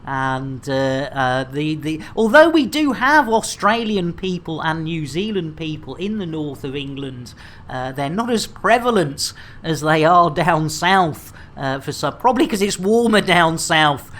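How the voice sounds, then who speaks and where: A woman's voice: low-pitched, expressive, measured pace, a bit bright. A woman in her thirties streaming a game, chatting in a rambling, jokey way and stumbling over words with many fillers. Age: 30s. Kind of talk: casual livestream chat.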